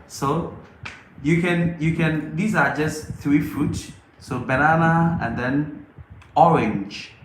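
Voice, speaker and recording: A man acting out an English lesson for young kids, repeating words in sing-song calls, then explaining quietly. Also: mid-range voice. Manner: repetitive sing-song teacher calls alternating with quiet asides. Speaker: English teacher giving advice. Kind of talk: mock classroom demonstration with explanation. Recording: echoey room with faint noise.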